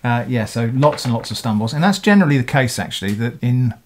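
A man's voice: medium pitch, animated, fast talker, a little hiss or hum. A middle-aged man, talking casually to camera as a video creator answering comments, thoughtful and rambling, often correcting himself mid-sentence.

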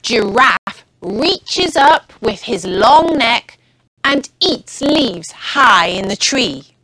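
A woman teacher reading a children's story aloud slowly and carefully for English learners. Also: a little high, lively intonation, bright, forceful tone, dry recording. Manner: slow, clearly paced reading.

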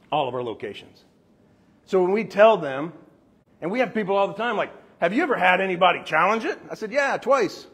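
Husky high-voiced man telling sales stories. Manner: animated, acts out customer dialogue in quick asides. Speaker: roofing company owner sharing sales tactics. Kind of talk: storytelling sales talk.

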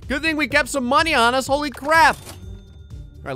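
A man giving excitable, laughing commentary on a video game he is playing. His voice is high and bright, with faint game music running underneath. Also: moderate pace. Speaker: gaming YouTuber. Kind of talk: let's-play commentary.

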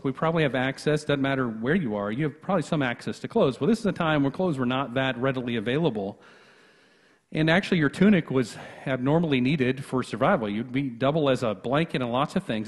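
A husky-voiced male pastor preaching in a conversational way, full of asides and false starts. His voice rings out with a long church reverb around it, and he speaks at an ordinary middle pitch. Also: lively intonation, a little fast. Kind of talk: sermon. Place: church sanctuary.

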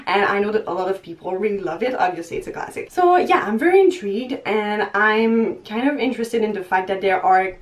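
A woman's voice: medium pitch, lively intonation, brisk, few pauses. A young woman chatting casually to camera as a book vlogger, often breaking into laughs. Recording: voice a little distant from the mic.

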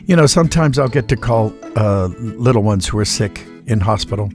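A man in his sixties, a voice actor, talking in a relaxed, folksy way in an interview and telling anecdotes with the odd acted-out voice. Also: fairly low pitch, normal speed, over music. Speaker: voice actor guest.

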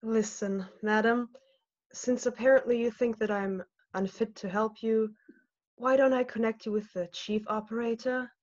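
Femme qui joue une standardiste formelle qui bafouille, son terne de visioconférence. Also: female voice, on the high side, fairly even intonation, normal speed, a little mellow, highs cut off, natural voice. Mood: flustered. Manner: hesitant, stammering, formal. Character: flustered, polite female telephone operator.

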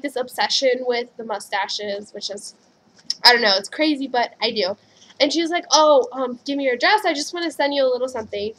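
A young woman with a high, bright voice talks casually to her camera, gushing and breaking into squeals of excitement. A faint hiss of room noise sits under her voice. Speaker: vlogger. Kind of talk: casual haul vlog.

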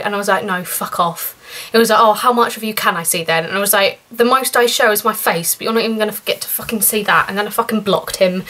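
A young woman tells a story to camera in a chatty vlog, turning indignant and exasperated as she retells it. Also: a bit bright. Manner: chatty and indignant, rising pitch when outraged. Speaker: vlogger.

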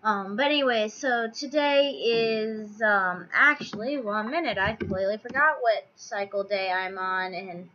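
Flustered bright-voiced young woman venting. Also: mid-range voice, unhurried, few pauses, muffled recording. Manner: flustered, apologetic, lots of ums and restarts. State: stressed out. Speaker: vlogger tracking fertility. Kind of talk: casual rambling vlog rant.

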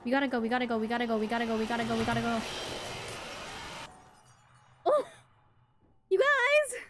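A woman's voice: on the high side, level tone, very fast, background noise. A woman streamer reacting to a horror game live, jumpy, squealing and laughing her way through the scares.

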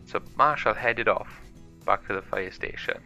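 A man's voice: on the low side, measured pace, gravelly, pushed and bright, faint music behind. A man improvising a toy play story, narrating it in a chatty, plain way.

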